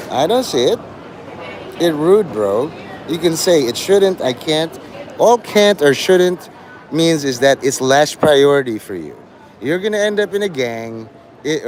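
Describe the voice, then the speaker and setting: Animated man lecturing a livestream chat. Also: a little high, slight background noise. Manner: lecturing, taunting, mock-teacherly.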